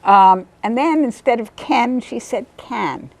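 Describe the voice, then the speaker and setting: A woman, a volunteer literacy tutor, telling stories about her students in a lively interview, sometimes acting out what they said. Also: a little slow, a little hiss or hum. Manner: animated, acts out quotes in a higher voice. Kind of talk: storytelling interview.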